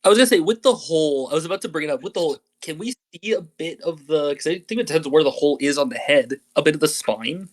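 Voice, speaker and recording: Player, animated rising-and-falling voice, casual. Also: female voice, low voice, fast talker, hardly any pauses. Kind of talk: casual tabletop play.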